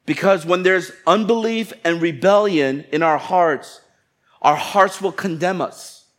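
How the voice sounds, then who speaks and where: A pastor delivers a sermon in an easy, talk-to-the-room manner. He slips in quick acted-out voices of everyday people. His voice sits a little on the high side for a man. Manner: conversational, playful preaching with acted-out inner voices.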